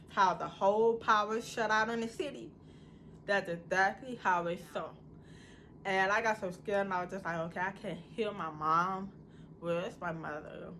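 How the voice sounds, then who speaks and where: A woman vlogger telling a personal story in a casual, animated, conversational way. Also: on the low side, a little hiss or hum. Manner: animated, conversational storytelling with many "you know"s.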